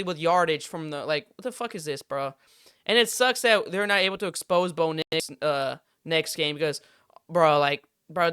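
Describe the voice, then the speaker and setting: A young man with a high, sharp, smooth voice hosts a sports podcast and rants heatedly, swearing plenty. His tone is exasperated and profane throughout this casual sports rant. The sound is studio quality with no echo.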